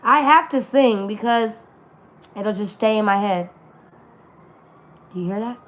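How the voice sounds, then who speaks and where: A slightly bright, mid-range female voice moves a little slowly. She's a tarot reader offering a spiritual reading to people watching online, speaking casually with slang and profanity, her voice still healing.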